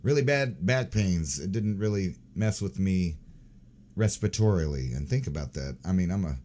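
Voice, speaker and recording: A man's voice: sits low, expressive, moderate pace, mellow, slight background noise. Crude, swearing middle-aged man ranting. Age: 40s. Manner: crude, sarcastic, rambling, swears a lot. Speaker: host. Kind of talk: profane commentary on news clips.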